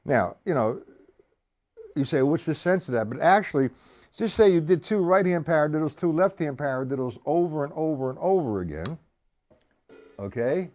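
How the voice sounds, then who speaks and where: A man's voice: on the high side, animated, moderate pace, a little mellow. Man teaching drums on a live stream. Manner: counts and calls sticking aloud, explaining step by step. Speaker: drum teacher. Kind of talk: live-streamed drum lesson. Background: drum kit playing.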